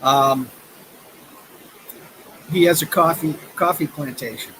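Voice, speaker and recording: A man's voice: on the high side, takes it slowly, sharp tone, a little hiss or hum, rough recording. A man in his fifties chatting casually on a live stream, rambling through stories with lots of fillers. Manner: rambling storytelling with frequent fillers. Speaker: vlogger. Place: outdoors by a river.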